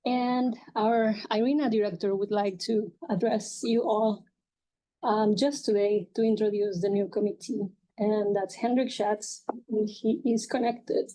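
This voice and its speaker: A woman managing director giving a brisk, businesslike introduction at the start of a seminar video call. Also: medium pitch, fairly even intonation, dark tone, rough recording. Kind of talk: brief meeting introduction.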